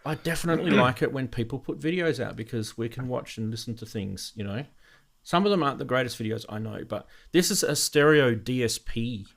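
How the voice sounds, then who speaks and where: A man's voice: mid-range voice, lively intonation, brisk, creaky, few pauses. A man hosting a casual chat about synth modules, thinking aloud with frequent ums and restarts. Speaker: host.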